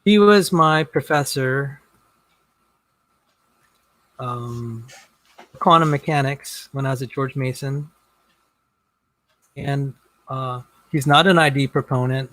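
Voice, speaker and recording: A man being interviewed, telling his story in a rambling, halting way with many restarts. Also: mid-range voice, a bit bright, dry recording, poor audio. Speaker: interview guest. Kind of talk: casual conversation.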